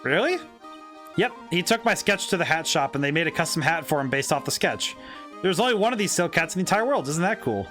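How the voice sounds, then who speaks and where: A bubbly teenage spirit medium from a video game, read aloud by a man in his own fairly high voice. Her lines bounce up and down with lively pitch, and faint game music plays underneath. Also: fairly quick. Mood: upbeat.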